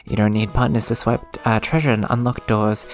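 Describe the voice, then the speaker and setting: A man's voice: fairly low pitch, steady tone, a little fast, soft background music, lightly acted. A man reading as a sarcastic young thief. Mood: dry. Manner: dry, sarcastic. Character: wry, grumbling young male thief. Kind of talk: reading game dialogue aloud.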